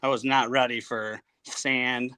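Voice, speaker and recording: A man in his forties from upstate New York, a Marine veteran recalling his service in a halting, plainspoken way, full of fillers and restarts. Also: medium pitch, little pitch movement, bright, forceful tone, smooth. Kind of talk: casual interview storytelling.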